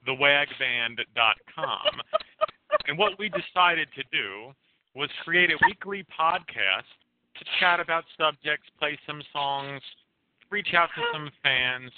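A man's voice: fairly high pitch, dry recording. A man, a band member co-hosting a casual podcast, explaining things at length in an easygoing way. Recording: tinny phone-line call-in audio.

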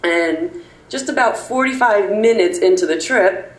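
A woman telling a funny personal anecdote in an animated, playful way, with a roomy recording sound. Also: a little slow. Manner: animated, playful, jumps high for quoted voices. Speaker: storyteller.

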